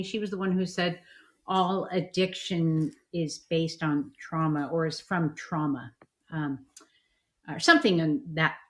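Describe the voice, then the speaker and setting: A woman hosting a live chat show, gushing with enthusiasm about her upcoming guests. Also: fairly low pitch. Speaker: host.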